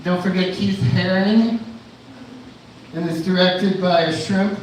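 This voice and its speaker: A man's voice: high voice, fairly even intonation, slow pace, a little hiss or hum. A man doing a live stand-up set at a bar, rambling and loose with many fillers and restarts. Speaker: stand-up comedian. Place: indoor bar venue. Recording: echoey room, mic at a distance.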